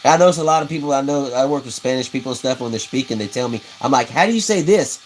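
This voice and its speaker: This fast-talking man livestreams as he makes custom fishing rods, rambling folksily, reading viewers' comments and laughing at his own anecdotes. His medium-pitched voice is expressive, and the poor audio has slight background noise.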